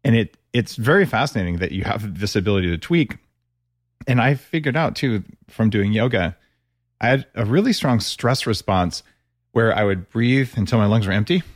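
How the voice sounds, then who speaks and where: A man's voice: fairly low pitch, no echo, clean studio sound. A man hosting a podcast, chatting enthusiastically with his guest in a casual interview. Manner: enthusiastic, chatty, quickens when animated. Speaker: podcast host.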